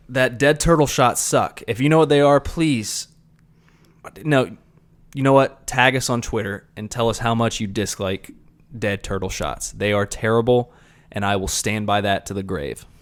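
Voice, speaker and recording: Wry, teasing male podcast co-host. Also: medium pitch. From Georgia, USA. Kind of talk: casual chat.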